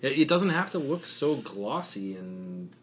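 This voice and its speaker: A man hosting a casual podcast chat, animated and swearing as he rants. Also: mid-range voice, unhurried, slight background noise. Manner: animated, profane ranting. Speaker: podcast host.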